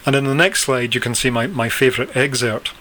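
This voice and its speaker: A male lecturer talks through his material with a bright, forceful tone. He is measured and questioning and often pauses on fillers. A faint hum of room noise sits behind him. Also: medium pitch. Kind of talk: recorded lecture.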